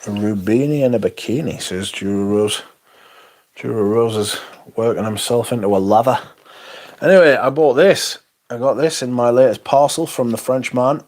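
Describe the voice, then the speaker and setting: A man's voice: mid-range voice, moderate pace, darkish tone. A man hosting a livestream, casually chatting and reading out viewer comments in a rambling way at home. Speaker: livestream host reading chat. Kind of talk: casual chat. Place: home room.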